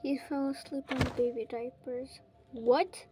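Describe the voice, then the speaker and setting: A woman voicing a whole family in a casual role-play, full of excited exclamations and squabbling. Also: high voice, over music. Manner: quick back-and-forth of excited exclamations and squabbling. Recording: noisy home recording.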